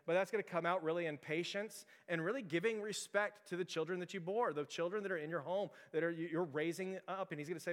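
A man's voice: high voice, steady tone, fast talker, few pauses, fairly bright tone, in a large hall. A man preaching a sermon in a conversational, storytelling manner, full of fillers and asides. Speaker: pastor.

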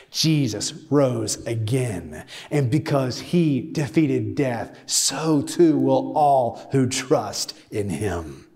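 A man's voice: medium pitch, darkish tone. Preaching man in a reverberant hall. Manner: preaching with rising intensity and emphatic pauses. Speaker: pastor. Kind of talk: sermon.

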